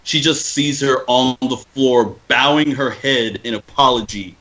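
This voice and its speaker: A young man in a casual talk, recapping a story hesitantly, with many pauses and ums. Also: medium pitch, a loud crowd, poor audio. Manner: hesitant, many ums, loses his thread. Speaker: podcast guest. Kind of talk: casual chat.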